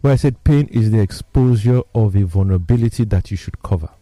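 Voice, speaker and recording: A man, telling personal stories in casual talk as he explains a topic, animated and emphatic. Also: lowish voice, fast. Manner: animated storyteller, lively and emphatic.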